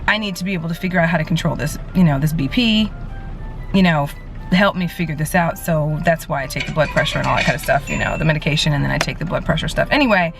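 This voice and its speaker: A woman's voice: low-pitched, fast, creaky, over music. A young woman talking casually to camera as a vlogger and new mother of twins, rambling with many fillers.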